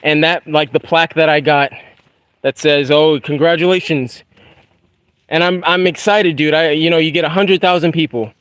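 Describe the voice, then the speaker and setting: A man's voice: on the high side, fairly even intonation, moderate pace, a bit bright, clean tone, no room sound. A young man, a YouTuber, talking casually about faith while walking a wooded trail outdoors, laid-back and full of slang. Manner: laid-back, slangy, says dude and bro a lot.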